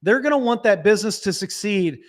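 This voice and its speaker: A man with a notably high voice gives blunt, practical business coaching on a live stream. He speaks straight to his audience and keeps checking that they follow him. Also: animated, a little fast. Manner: direct, instructive, frequent "right?" check-ins. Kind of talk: live webinar teaching.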